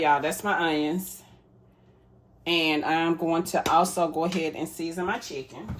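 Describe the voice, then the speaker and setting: A woman's voice: sits low, noisy background. A woman, chatting casually to viewers while she cooks in her home kitchen and calls them y'all. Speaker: cooking vlogger. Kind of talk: casual cooking chat.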